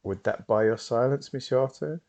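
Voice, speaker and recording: A man's voice: medium pitch, a little fast, pitched above the performer's own voice, lightly acted. A man playing a grandiose stage hypnotist. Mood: sly. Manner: theatrical announcer voice, rising and loud. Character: showy male stage hypnotist, grand and smooth.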